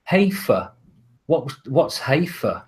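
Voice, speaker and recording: A British man hosting a casual podcast, chatting bluntly with plenty of swearing and halting restarts. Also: medium pitch, very animated, darkish tone. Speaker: podcast host. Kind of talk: casual banter.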